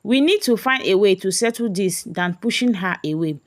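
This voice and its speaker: Woman voicing a firm low-voiced father. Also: expressive, normal speed, no echo, clean studio sound, lightly acted. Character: firm middle-aged father, calm.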